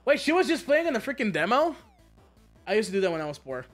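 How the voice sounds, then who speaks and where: A man streaming a game, chatting casually and telling stories, excitable and swearing a lot with frequent laughter. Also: high voice, fast talker, soft background music. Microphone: streaming mic.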